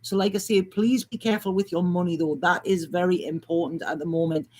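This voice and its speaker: A woman's voice: fairly low pitch, steady tone, a little mellow. Rambling woman giving a reading. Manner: halting, rambling, restarts phrases. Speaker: astrology and intuitive reader. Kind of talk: improvised spiritual reading.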